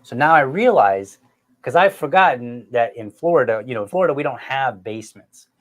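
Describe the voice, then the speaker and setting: A middle-aged man hosting a podcast, telling a family story in an animated, self-mocking way and talking straight to his listeners. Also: mid-range voice, fairly quick. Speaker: podcast host. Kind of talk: casual storytelling chat.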